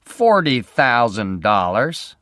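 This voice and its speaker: A flat, unfriendly private detective speaks in slow, deliberate words, as a male narrator plays him. He lets each phrase land with measured weight. The recording is close and dry. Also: mid-range voice, no echo, pitched above the performer's own voice. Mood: cold questioning.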